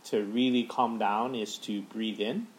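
A man, a father, giving a calm breathing practice tip as a podcast guest, speaking slowly with many fillers. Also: lowish voice, slight background noise, low-quality recording. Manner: slow, calm, halting with fillers.

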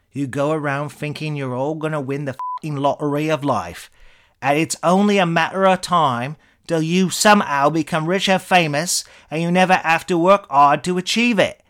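A man voicing an enraged, crude middle-aged British comedian with an English accent, shouting and sneering. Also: on the high side, pitched above the performer's own voice, close to an everyday voice.

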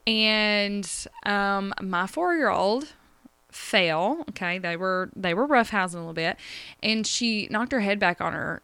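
A woman's voice: medium pitch, animated, a little slow, fairly bright tone, clean tone, no echo. A woman, talking emotionally and rambling about her day as a podcast host. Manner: emotional, rambling, addresses listeners directly. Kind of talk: personal confessional chat.

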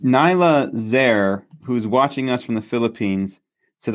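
A man hosting a live stream, praying for viewers and reading their messages in an earnest, steady way. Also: medium pitch, measured pace.

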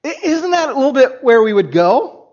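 Pastor guy giving a sermon, kinda high voice, animated, muffled lo-fi recording. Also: fairly quick. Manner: animated, lively preaching with frequent restarts.

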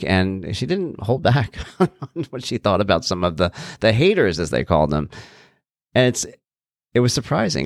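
Low-voiced man, lively podcast talk. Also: no room sound, clean studio sound. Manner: earnest, animated, thinking aloud with restarts. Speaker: podcast host and author. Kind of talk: casual solo podcast talk.

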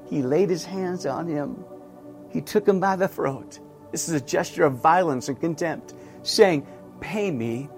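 A man's voice: high voice, a little mellow. A middle-aged man, a pastor, preaching a sermon with earnest, emphatic repetition.

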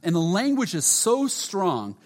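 Male preacher, earnest sermon delivery, hushed at times, stumbles over words, big reverberant room. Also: sits high, huge pitch swings, measured pace. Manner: earnest, often drops to a hushed voice; repeats words and restarts often. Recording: long hall reverb.

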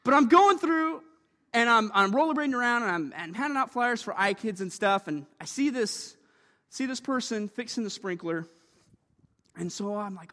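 A male preacher delivering a lively, joking sermon and calling out for amens. His voice sits very high and swings widely in pitch. He is heard in a church with a long, ringing reverb. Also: normal speed.

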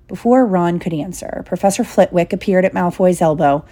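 A woman narrating a storybook at an unhurried pace. Her voice sits on the lower side and sounds mellow and warm, with an even, steady delivery. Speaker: audiobook reader.

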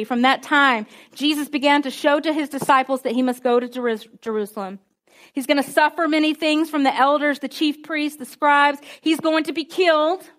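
A woman preacher giving a conversational, emphatic sermon to students, with call-and-response. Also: high-pitched.

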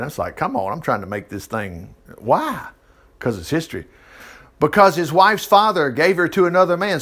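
A man preaching a sermon, reading scripture aloud and breaking off into chatty asides and quick laughs. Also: a little high. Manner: animated storytelling with asides, laughs and voiced quotes.

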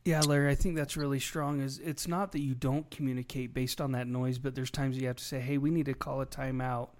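A man's voice: mid-range voice, flat delivery, a little fast, a little mellow. A man hosting a podcast, chatty and telling anecdotes with a laugh. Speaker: podcast host. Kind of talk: casual chat.

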